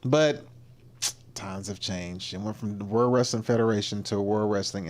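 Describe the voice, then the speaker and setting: A man's voice: lowish voice, moderate pace, a little mellow. Rambling male livestream host. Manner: rambling, with lots of fillers and restarts. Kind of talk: casual reaction commentary.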